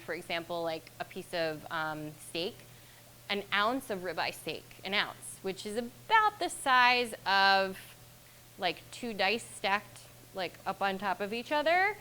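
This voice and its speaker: A woman dietitian giving a relaxed, chatty nutrition talk to a fitness class. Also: mid-range voice, a little slow, slight background noise, low-quality recording. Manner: chatty, relaxed, laughs at herself.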